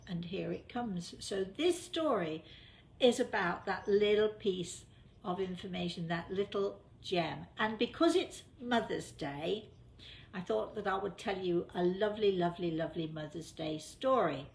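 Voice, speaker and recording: A woman's voice: medium pitch, a little slow, creaky. An older woman telling a personal story in a chatty, casual way, repeating words for emphasis.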